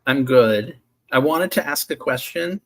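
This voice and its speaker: Brief: mid-pitched male caller on a live stream, hesitant, restarts as he asks. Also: expressive, a little slow. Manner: hesitant, restarts his question. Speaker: caller asking the host a question. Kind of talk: casual live-stream chat.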